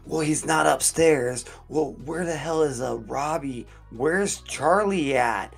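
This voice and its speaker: A man's voice: fairly high pitch, slow pace, gravelly, husky, soft background music, pitched above the performer's own voice, exaggerated voice. A man voicing an irritated, anxious young woman in a retold horror story. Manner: irritated, questioning.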